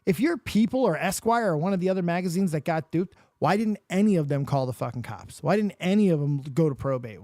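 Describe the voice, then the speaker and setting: A man's voice: fairly high pitch, darkish tone, dry recording, studio quality. A man hosting a podcast, ranting in a casual, profane way as he chats. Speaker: podcast host. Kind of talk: casual chat.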